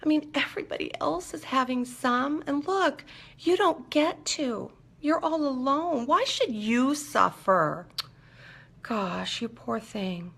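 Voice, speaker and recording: A woman's voice: high-pitched, animated, slow pace, creaky, slightly rough, voice pushed up, heavily acted. A woman whispering as her wheedling addiction. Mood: coaxing. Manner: soft, coaxing, self-pitying. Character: wheedling female voice of addiction, pitying. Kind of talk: whispered role-play.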